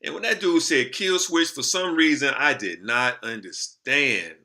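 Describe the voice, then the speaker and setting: A man telling a story to the camera in casual, slangy talk, lively and animated. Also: medium pitch, measured pace. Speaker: motivational speaker.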